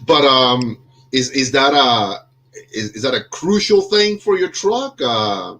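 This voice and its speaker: Taking it slowly, the podcast host speaks in a mid-range, bright, forceful voice with lively intonation. Over a video call and a bit under the weather, he keeps things jokey and self-deprecating, rambling with plenty of fillers.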